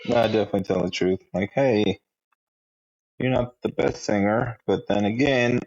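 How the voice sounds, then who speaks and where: A man's voice: fairly low pitch, normal speed, creaky, a little mellow, highs cut off. A man co-hosting a casual podcast, laid-back and blunt, swearing casually. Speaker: podcast co-host.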